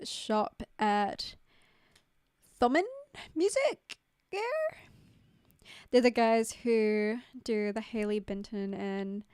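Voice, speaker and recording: A woman's voice: medium pitch, dark tone, smooth, no room sound, clean studio sound. A young woman chatting casually with viewers on a livestream, rambling and full of "like", with casual swearing. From New Zealand. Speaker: streamer. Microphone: studio mic.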